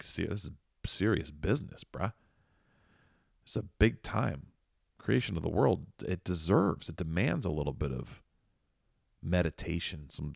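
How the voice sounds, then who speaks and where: A man's voice: sits low, creaky, no room sound, studio quality. A man hosting a podcast, giving a casual update in a rambling, jokey way that keeps wandering off on tangents. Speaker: podcast host.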